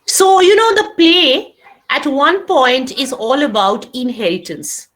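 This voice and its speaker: Middle-aged Indian English woman, literature teacher, high voice, animated and emphatic. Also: slow pace. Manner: animated, emphatic, repeats key phrases for note-taking. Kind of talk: online literature lecture.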